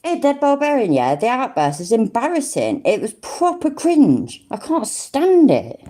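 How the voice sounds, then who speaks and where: Sarcastic woman with a lively voice. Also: a little high, a little slow. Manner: sarcastic, swears freely, mocking. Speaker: commentator reacting to a video. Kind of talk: casual reaction commentary.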